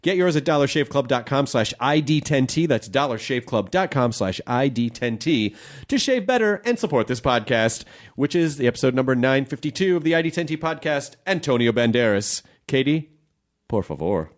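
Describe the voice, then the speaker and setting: A man's voice: medium pitch, expressive, moderate pace. Playful jokey male podcast host. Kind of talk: casual podcast chat and ad reads.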